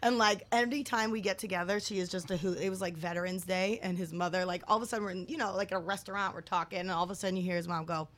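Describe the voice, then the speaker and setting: A woman co-hosting a podcast, chatting and giggling excitedly with the guest. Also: lowish voice, rapid-fire, few pauses. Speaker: co-host. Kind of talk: casual chat.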